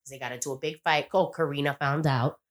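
A woman's voice: sits low, fairly even intonation, fast. A woman casually recapping a TV episode on a podcast, rambling, swearing freely and acting out the characters' lines. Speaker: podcast co-host.

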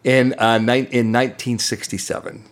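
A man's voice: mid-range voice, level tone, normal speed. A man co-hosting a music radio show, chatting casually and teasing his partner as he introduces a song.

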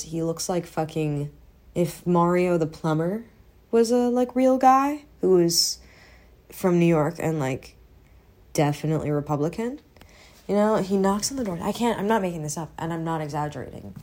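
Rambling, profane woman, lowish voice. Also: lively intonation, measured pace. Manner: rambling, profane, drops to whispers then gets loud. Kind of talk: casual vlog chat.

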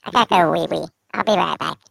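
Man doing a whining small boy, childish and repetitive, gravelly edge. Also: fairly high pitch, quick pace, crowd noise, voice pushed up. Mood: whiny. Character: whiny little boy needing the toilet. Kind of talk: comic put-on voice in a podcast chat.

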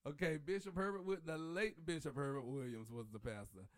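High-voiced man, animated style chat. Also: brisk, no room sound, studio quality. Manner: animated, preachy, sings church lines. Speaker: podcast host. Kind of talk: casual chat.

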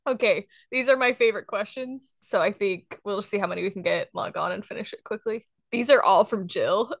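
A woman's voice: mid-range voice, gravelly, no room sound, studio quality. A young woman hosting a podcast, chatting casually and laughing often. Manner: giggly, chatty, quick laughs. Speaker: podcast host.

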